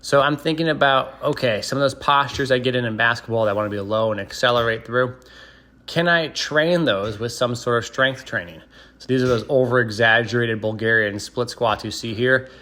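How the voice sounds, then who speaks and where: A man's voice: mid-range voice, moderate pace. Guy doing a chill voiceover of his workout, mid voice, explains stuff plainly. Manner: steady, explanatory, cautious coaching tone. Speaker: fitness vlogger. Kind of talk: voice-over workout breakdown.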